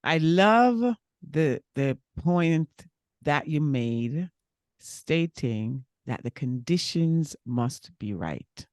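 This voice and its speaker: A woman hosts a faith podcast and answers her guest with slow, unhurried affirmations. Her delivery is encouraging and deliberate. The recording is dry and close. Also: deep voice, sing-song, darkish tone, dry recording. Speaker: podcast host. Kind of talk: casual faith conversation.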